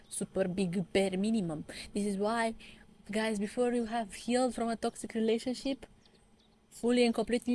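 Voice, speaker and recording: A woman's voice: mid-range voice, a little mellow. A woman giving casual, sarcastic reaction commentary on a webtoon, swearing freely and ranting in exasperation.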